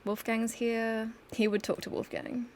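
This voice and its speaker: A woman's voice: fairly high pitch, flat delivery, measured pace, a little hiss or hum. A woman hosting a gaming channel, chatting casually and storytelling through her gameplay. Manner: chatty, storytelling, laughs often.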